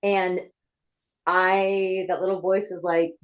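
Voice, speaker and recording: Woman, lowish voice, chatty interview guest on a video call from her home office. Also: unhurried, rough recording. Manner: chatty, animated storytelling. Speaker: actress and screenwriter.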